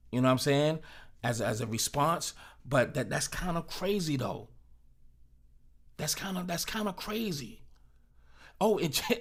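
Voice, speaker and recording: A man with a fairly high voice reacts to celebrity feud news in loose street slang. He talks in a casual commentary style, stumbling over and repeating words as he goes.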